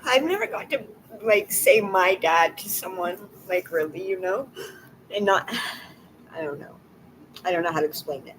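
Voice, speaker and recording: A woman talking tearfully to her live-stream chat, halting and apologetic, catching her breath. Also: on the low side, fairly even intonation, a little hiss or hum, low-quality recording.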